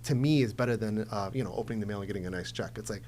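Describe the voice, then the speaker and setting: A man's voice: fairly low pitch, rapid-fire, a little mellow, a little hiss or hum. A man in his forties, an entrepreneur guest talking candidly and emphatically in a casual interview. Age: 40s.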